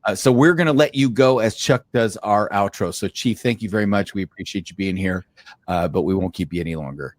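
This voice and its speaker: Man, podcast co-host, deep-ish, plain-spoken and blunt with profanity. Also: fairly quick, dry recording. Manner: blunt, swears freely, talks in fragments. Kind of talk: casual podcast chat.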